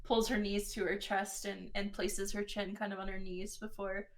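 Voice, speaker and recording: A woman's voice: mid-range voice, flat delivery, normal speed. Woman player, mid voice, lots of "kind of" while she describes stuff. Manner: descriptive, filler-heavy. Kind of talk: tabletop game play.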